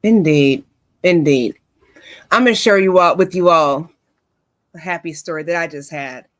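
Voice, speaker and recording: A woman's voice: low voice, normal speed, no room sound. A woman in her forties hosting a wellness talk show, telling stories casually with many fillers. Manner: warm storytelling with many fillers. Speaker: host.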